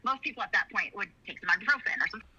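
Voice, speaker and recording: Middle-aged woman, very bright voice, earnest storyteller, dull lo-fi video audio. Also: medium pitch, lively intonation, racing, slightly rough. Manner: earnest, emotional, rambling. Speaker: interview guest. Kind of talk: candid personal storytelling. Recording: slightly muffled video audio.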